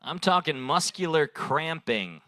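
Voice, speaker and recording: Animated man riffing through stand-up crowd work. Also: a little high, measured pace, no echo. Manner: rambling, riffs on audience suggestions, laughs at own jokes. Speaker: stand-up comedian at an open mic. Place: bar stage at an open mic night.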